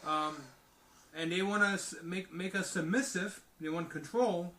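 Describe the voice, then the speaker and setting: A man with a higher, bright voice talks emphatically in a casual panel discussion, punctuating his points with rhetorical check-ins. He sits a little away from the mic, and the room around him is echoey. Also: measured pace, far from the mic, a little hiss or hum. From outside the United States. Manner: emphatic, rhetorical "okay?" and "you know?" asides. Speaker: podcast co-host.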